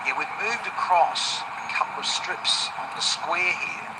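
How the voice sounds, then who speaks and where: A man doing live cricket commentary, lifting sharply into excitement on big shots. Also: high-pitched, measured pace, heavy background noise.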